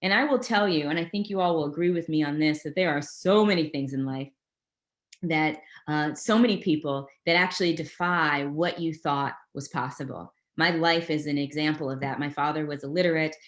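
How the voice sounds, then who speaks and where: Brief: woman career coach, lower voice, upbeat webinar delivery, roomy echo. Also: normal speed. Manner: energetic, motivational, goes off on tangents. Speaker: presenter of a career master class. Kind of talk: webinar talk.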